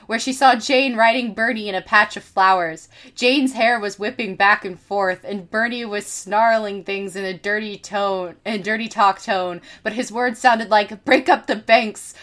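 A woman's voice: medium pitch, fairly even intonation, normal speed, hardly any pauses, bright, forceful tone. A woman podcast host reading an article aloud in a casual way, with many ums and self-corrections.

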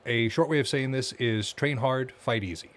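A man co-hosting a podcast in casual chat, talking in a relaxed, loose way with frequent filler words. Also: medium pitch, normal speed. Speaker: podcast co-host.

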